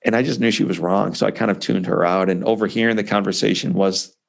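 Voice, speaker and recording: Over a video call, a Missouri man in his forties, appearing as a guest author, tells an emotional personal story with earnest passion and dramatic pauses. His voice sits on the low side, holds a steady tone, and has some vocal fry.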